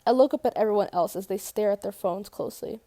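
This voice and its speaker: A woman's voice: medium pitch, fast, mellow, dry recording. A woman reading a first-person novel aloud in a casual way, correcting her slips and swearing at them. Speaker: audiobook reader.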